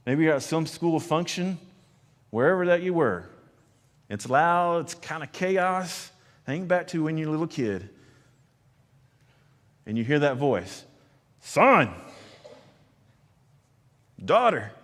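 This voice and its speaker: A man preaching a sermon as pastor, swinging between loud emphasis and hushed, low lines. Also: long reverb tail. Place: church sanctuary.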